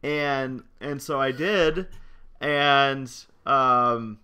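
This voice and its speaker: A man's voice: medium pitch, steady tone, very slow, background noise. A young man co-hosting a podcast, telling a school anecdote with many fillers and restarts. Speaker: podcast co-host. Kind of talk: casual chat.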